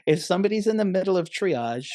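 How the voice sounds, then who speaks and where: A man's voice: high-pitched, lively intonation, fast, dark tone, no room sound. Earnest male therapist, dry sound. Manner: earnest, emphatic, often says "man". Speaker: therapist guest. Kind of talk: conversational podcast interview.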